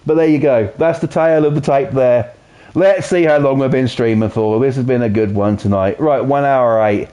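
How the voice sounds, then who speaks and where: A mellow-voiced man with a Norfolk accent chats casually to his stream audience. He rambles through a story with lots of swearing and loose asides. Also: mid-range voice, moderate pace. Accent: Norfolk English. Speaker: game streamer. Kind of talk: casual live-stream chat.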